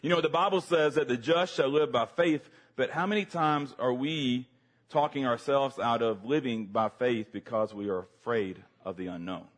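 A man with a Southern accent preaching a sermon, telling a funny personal story with lively acted-out moments. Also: mid-range voice, normal speed. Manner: animated, humorous storyteller, acts out his younger self.

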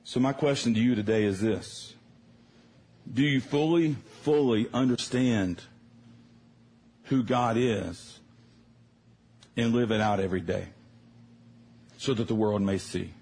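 A man preaching a sermon in a church service, telling a personal story in a conversational, animated way. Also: mid-range voice, measured pace, pauses often, slightly rough.

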